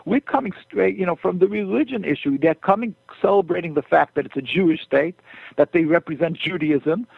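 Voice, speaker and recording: Halting, high-voiced rabbi on a phone line. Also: male voice, vocal fry, husky, dry recording. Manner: earnest, halting, with many restarts and repeats. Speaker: rabbi, radio guest. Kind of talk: phone-in radio interview. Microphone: telephone. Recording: tinny phone line, dry.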